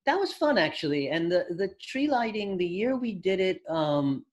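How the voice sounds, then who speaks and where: A man telling stories from his music career as an interview guest, relaxed, with dry humor. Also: high voice, moderate pace, muffled recording. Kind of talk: casual interview storytelling.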